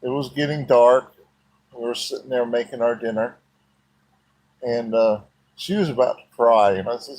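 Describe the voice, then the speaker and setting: A man's voice: medium pitch, moderate pace, pauses often, darkish tone, poor audio. A man telling a personal story in a folksy, plain-spoken way.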